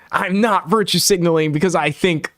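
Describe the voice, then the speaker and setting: A man's voice: high voice, moderate pace, fairly bright tone, no room sound, clean studio sound. A man streaming live, chatting casually and reading chat, exasperated and full of restarts, still a little sick. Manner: exasperated, restless, with many restarts and laughs.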